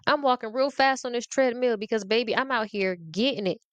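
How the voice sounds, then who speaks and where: A woman's voice: on the high side, fairly quick, fairly bright tone, smooth, no echo. A woman hosting her own show, ranting in a casual, sassy and playful way, laughing often as she talks straight to her audience. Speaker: podcast host. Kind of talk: casual comedic rant to the audience.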